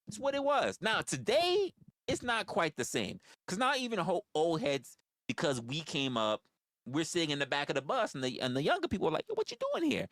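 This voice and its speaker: A man's voice: a little high, huge pitch swings, normal speed, fairly bright tone, no room sound, studio quality. Profane New man, swooping voice. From New York. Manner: profane, rambling storytelling. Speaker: livestream host. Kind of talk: casual livestream chat.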